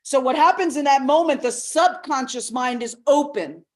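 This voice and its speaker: A woman with a high voice teaches a live masterclass as a personal development coach. She talks expressively to her audience. She acts out what people said and slows down to stress key ideas.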